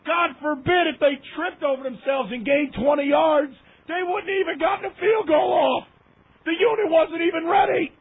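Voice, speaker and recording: Impassioned high-voiced man on a phone line. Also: moderate pace. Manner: heated, emphatic, repeats himself for effect. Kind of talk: impassioned sports rant.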